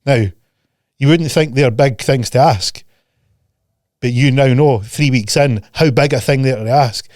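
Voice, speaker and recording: A man's voice: mid-range voice, a little slow, darkish tone, dry recording, clean studio sound. A man hosting a podcast in a casual chat, ranting bluntly and profanely and mocking people with put-on voices. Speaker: podcast host.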